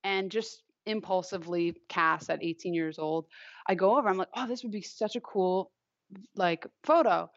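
A woman's voice: fairly low pitch, moderate pace, no room sound. Young woman from long island just chatting through a story, says like a lot, kinda muffled lo-fi audio. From Long Island, New York. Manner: chatty, heavy use of "like" fillers. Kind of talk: casual personal storytelling. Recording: dull, lo-fi, dry recording.

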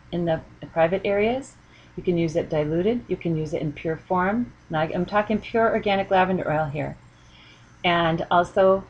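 A middle-aged woman with a husky voice, chatting in a casual storytelling monologue, laughing often and acting out the voices she quotes. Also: on the low side, poor audio.

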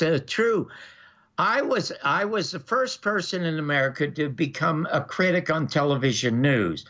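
Older guy from canada telling showbiz stories, high bright voice, muffled lo-fi audio. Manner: animated anecdotes with laughs and restarts. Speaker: guest, former TV critic. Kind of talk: storytelling interview. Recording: dull lo-fi recording.

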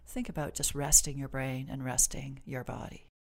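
A woman clinician, a guest on the podcast, explaining stress and sleep in a measured, reassuring, gently instructive way. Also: rumbling low, little pitch movement. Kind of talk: calm explanatory interview talk.

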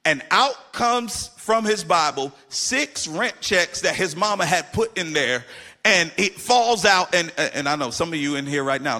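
A man's voice: a little high, pushed and bright. A middle-aged man preaching a sermon as pastor, with emphatic delivery that repeats key phrases.

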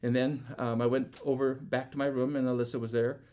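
A man's voice: mid-range voice, level tone, a little fast, a little mellow. A man telling a personal faith story casually, rambling with many restarts and acting out what people said. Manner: rambling, stumbling restarts, acts out quoted dialogue.

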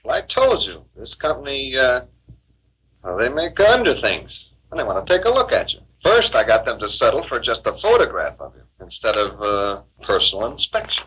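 A sleazy, manipulative photographer with a lively, bright and slightly husky voice. He wheedles and pushes with growing impatience, in 1960s film style. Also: mid-range voice, moderate pace, muffled recording, heavily acted. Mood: pushy.

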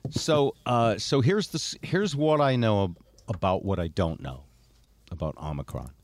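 Older man hosting, animated and low. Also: moderate pace, no echo. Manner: animated storyteller, many fillers. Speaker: host. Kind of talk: casual chat.

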